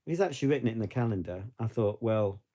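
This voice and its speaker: A man's voice: medium pitch, lively intonation, very fast, warm tone. A middle-aged British man chatting casually to camera in a rambling way, with frequent restarts and asides. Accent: British English. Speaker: vlogger.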